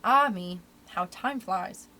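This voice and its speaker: A woman reading aloud, voicing a gentle, wistful grown-up mother in a storybook. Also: mid-range voice, slow pace. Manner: soft, wistful, tender.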